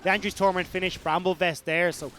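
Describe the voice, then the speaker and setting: A man's voice: sits high, steady tone, brisk, fairly bright tone, a little hiss or hum. A man with an Irish accent doing analytical colour commentary on an esports match, laughing and teasing his co-caster.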